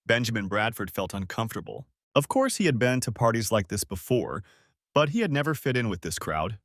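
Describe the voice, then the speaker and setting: A man narrating a story audiobook with a lively, expressive delivery into a close mic. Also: mid-range voice, fairly quick, no room sound.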